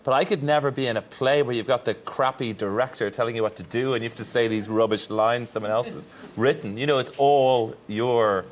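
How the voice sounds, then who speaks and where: A man's voice: mid-range voice, fairly even intonation, a little hiss or hum. Jokey Irish man. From Ireland. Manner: quick, jokey banter. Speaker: chat show guest. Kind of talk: comic banter.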